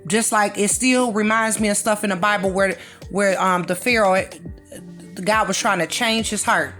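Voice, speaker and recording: A female host delivers a casual commentary monologue, preaching and scolding with drawled, dismissive asides. Her mid-pitched voice has fairly even intonation, a moderate pace, and a fairly bright tone, with faint music in the background.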